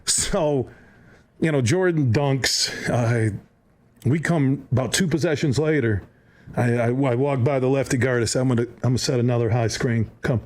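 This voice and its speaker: Man telling a lively anecdote. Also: mid-range voice, normal speed. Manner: lively anecdote-teller, acts out voices. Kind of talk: animated storytelling.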